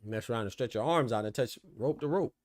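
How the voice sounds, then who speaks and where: A man's voice: medium pitch, quick pace, darkish tone, no room sound, studio quality. Slangy male boxing podcast host. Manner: loose slangy talk, laughs hard at jokes. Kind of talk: casual live commentary.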